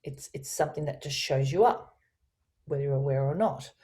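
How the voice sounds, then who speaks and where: This low-voiced woman, warm and mellow in tone, talks a little fast while laying out her coaching ideas. She's a guest on a video call for a business interview, stressing points with lively enthusiasm.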